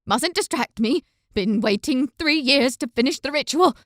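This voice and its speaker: A wild-eyed, half-mad old man, read by a woman with a high voice, talks in short, broken mutters as though half to himself. The fantasy audiobook voice sits close and dry, with no room around it. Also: lively intonation, normal speed, dry recording. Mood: rambling. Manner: clipped, fragmented muttering. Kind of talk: audiobook character voice.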